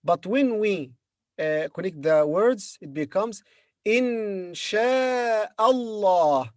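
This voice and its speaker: A man gives a very slow, patient language lesson. He repeats each word carefully and stops often to hesitate. The sound is dry and close, with no room echo. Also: high-pitched, lively intonation, a little mellow. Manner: patient, repeats words slowly with hesitant fillers. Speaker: Arabic teacher.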